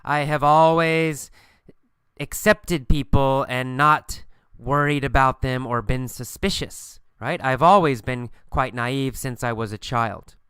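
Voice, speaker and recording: A man teaching an English lesson, telling a short story slowly and patiently, repeating and rephrasing things for learners. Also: medium pitch, a bit bright, clear, resonant tone, no echo.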